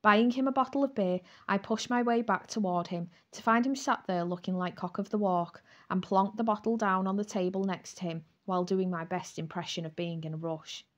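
Female narrator, mid-range voice, wry expressive read of a first-person novel. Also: medium pitch, a little fast, few pauses, dull audio. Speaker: audiobook narrator.

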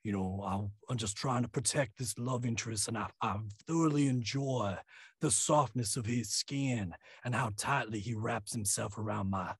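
A man voicing a smitten Southern bodyguard in a slow, low drawl with a bayou accent. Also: husky, dry recording. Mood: sultry.

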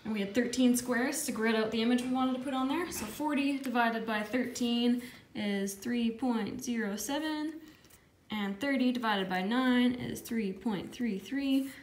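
A woman painter walks through a how-to in a casual, chatty and jokey way, thinking aloud as she does the math. Her voice is on the high side at a measured pace, recorded in an echoey room with faint ambience and slight background noise.

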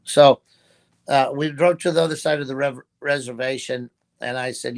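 A man's voice: medium pitch, fairly even intonation, moderate pace. A man, a pastor, telling a story as an interview guest, earnest, quoting his own words with restarts. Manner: earnest, retelling with direct quotes and restarts.

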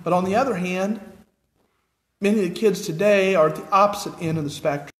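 High-voiced preacher in an echoey church. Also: male voice, brisk. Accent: American. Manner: earnest, asks the congregation repeated questions. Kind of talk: sermon. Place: church sanctuary with nearly empty pews.

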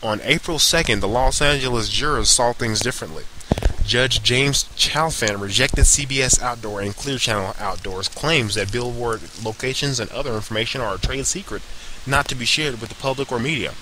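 A man's voice: medium pitch, normal speed, sharp tone, slight background noise, low-quality recording. A man reading a news article aloud with sarcastic asides of his own, often stumbling over words and correcting himself as he goes.

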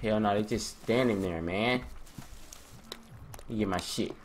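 A young man giving profane gameplay commentary, muttering to himself and then yelling taunts and curses at attackers. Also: fairly low pitch, measured pace, a little hiss or hum. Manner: swearing, yelling taunts at enemies, swinging between mutters and shouts. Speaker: let's play gamer.

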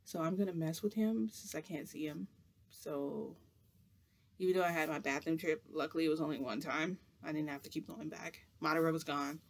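High-voiced man telling a rambling story. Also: brisk, creaky. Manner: rambling, animated, with frequent restarts and laughs. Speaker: vlogger. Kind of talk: casual storytelling.

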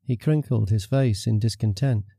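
A man reading a fantasy audiobook in a measured, even storytelling manner. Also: lowish voice, gravelly, dry recording, clean studio sound. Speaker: audiobook narrator. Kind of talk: scripted story narration.

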